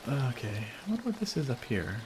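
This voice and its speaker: A man's voice: mid-range voice, big pitch swings, fairly quick, noisy background. A man casually chatting and laughing as he streams a game, rambling between thoughts. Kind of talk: casual gameplay commentary.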